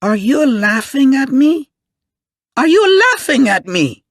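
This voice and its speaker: Brief: shrill, lisping, short-fused young guy, squeaky-high, loud, dry audiobook read. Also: big pitch swings, takes it slowly, husky, dry recording, exaggerated voice. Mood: indignant. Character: shrill lisping young man, hot-tempered.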